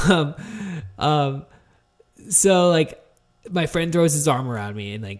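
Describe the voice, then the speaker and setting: A man's voice: a little high, expressive, slow, pauses often. A man hosting a solo podcast, telling a story in a rambling, candid way, swearing often and stumbling over fillers and restarts. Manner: candid and introspective. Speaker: podcast host.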